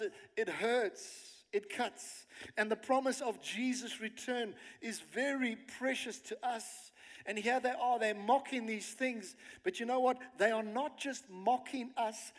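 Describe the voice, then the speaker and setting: A man, a pastor preaching a sermon and reading scripture with emphasis. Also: high voice. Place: church hall. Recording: long hall reverb.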